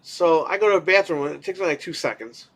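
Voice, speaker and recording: A man co-hosting a casual podcast, telling a story in an animated way, swearing casually and acting out what people said. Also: fairly high pitch, fast talker. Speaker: podcast co-host.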